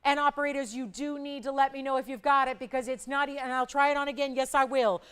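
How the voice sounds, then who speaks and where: A middle-aged woman with a slightly high voice hosts a live TV shopping show. She pushes deals with quick price countdowns and loose, chatty asides to viewers. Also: fairly even intonation, a bit bright. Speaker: shopping channel host. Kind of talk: live TV sales pitch.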